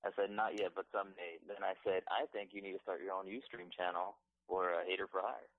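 A man calling in to a podcast, talking quickly and hesitantly. His voice is low and deep. The call sounds dull and lo-fi, and dry. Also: little pitch movement, dry recording. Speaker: caller. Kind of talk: casual chat on a call-in.

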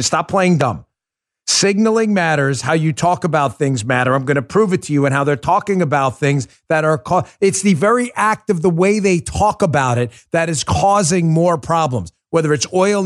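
A male podcast host delivering political commentary in a fairly high voice, recorded close and dry with no room sound. He speaks with punchy emphasis and keeps circling back to the same short slogans to drive his point home. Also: no room sound. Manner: emphatic, repeats slogans for stress; talks to a co-host by name.

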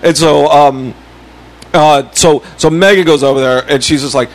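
A man's voice: fairly high pitch, a little fast, low-quality recording. A man co-hosting a casual podcast, telling a story with heavy swearing and acting out the voices of the people in it. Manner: animated, swears a lot, acts out voices in stories. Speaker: podcast co-host.

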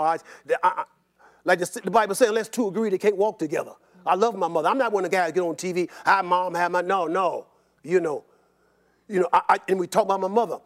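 An older man telling stories about his life in an interview, animated and rambling, repeating words and often laughing. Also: high voice. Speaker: interview guest. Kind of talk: personal storytelling in an interview.

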